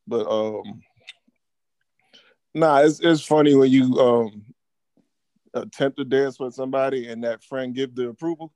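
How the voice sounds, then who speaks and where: A man's voice: mid-range voice, measured pace, pauses often, darkish tone, no echo, muffled recording. A man co-hosting a podcast, chatting casually in a laid-back, slangy way. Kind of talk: casual chat.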